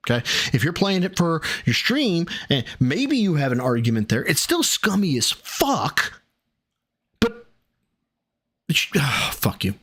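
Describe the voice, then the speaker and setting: A man's voice: on the high side, huge pitch swings, measured pace, a bit bright, breathy edge. A man hosting a stream who reacts to clips with profane, mocking and exasperated commentary into a desk microphone. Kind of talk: sarcastic commentary.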